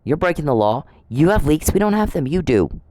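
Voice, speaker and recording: A woman's voice: deep voice, big pitch swings, fairly quick, warm tone, dry recording, poor audio. A woman hosting her own channel, delivering an angry, profane, accusatory rant straight at the person she blames, hammering the same insults again and again. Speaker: channel host. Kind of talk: angry direct-address rant.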